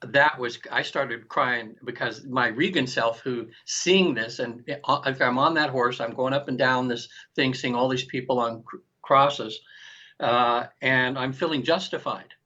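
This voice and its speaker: An animated man in his sixties, guesting on an interview show, tells a long personal story. His voice is bright and edged. He jumps into quoted lines and restarts his thoughts, and the recording sounds muffled and lo-fi. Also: medium pitch, measured pace. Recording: dull lo-fi recording.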